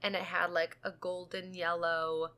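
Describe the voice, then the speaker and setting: A woman's voice: on the low side, flat delivery, measured pace, bright, forceful tone. A woman co-hosting a podcast, chatting casually in a rambling, giggly way. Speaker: podcast co-host. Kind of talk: casual chat.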